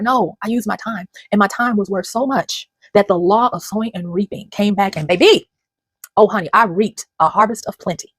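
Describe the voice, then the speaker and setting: A woman's voice: medium pitch, a little fast, husky, no room sound. A woman in her fifties giving an earnest, emotional motivational talk to her viewers, close to tears at times. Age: 50s. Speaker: channel host. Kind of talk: personal motivational talk to camera.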